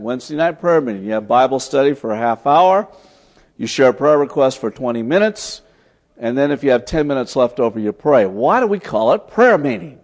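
A man preaching a sermon, telling stories as he teaches, swinging from loud emphatic lines to soft, hushed ones. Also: medium pitch, lively intonation, moderate pace. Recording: long hall reverb.

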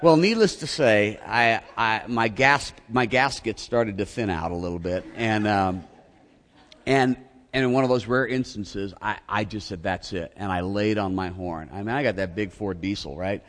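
In a fairly low voice at a normal speed, a middle-aged male pastor tells a self-deprecating story during his sermon. He narrates with animation and acts out shouting, while the hall reverb lingers long.

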